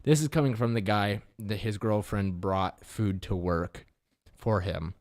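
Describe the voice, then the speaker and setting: A man's voice: fairly low pitch, measured pace, darkish tone, dry recording, studio quality. A man co-hosting a podcast, telling work anecdotes in a rambling, casual way with many restarts. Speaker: podcast co-host. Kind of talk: casual storytelling chat.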